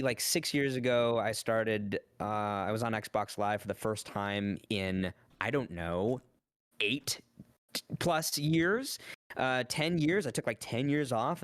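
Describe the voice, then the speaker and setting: A man in his thirties, a voice actor guest, chatting casually and acting out quoted lines in lively voices. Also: mid-range voice, no echo. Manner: animated storyteller, acts out quotes in voices. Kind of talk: casual chat on a stream.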